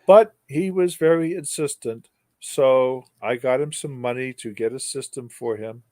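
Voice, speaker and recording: A man's voice: medium pitch, unhurried, no echo, clean studio sound. Older man telling a wry story. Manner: wry, animated storyteller with emphatic repetition. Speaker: guest speaker. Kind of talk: storytelling in an interview.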